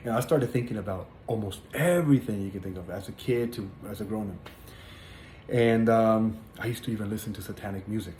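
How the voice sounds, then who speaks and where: A man with a fairly low voice tells his religious testimony in an earnest, halting way. He stops often for fillers and repeats words as he goes. The recording sounds roomy, with a faint hiss of background noise. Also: dark tone. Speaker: person sharing a religious testimony. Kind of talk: personal testimony, casual spoken storytelling.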